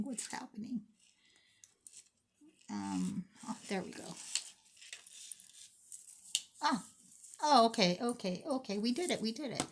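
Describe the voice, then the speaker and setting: Chatty woman with a gravelly, slow voice. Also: mid-range voice, noisy background. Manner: chatty, self-mocking, talks to herself while sorting. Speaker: thrift jewelry unboxing vlogger. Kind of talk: casual unboxing commentary.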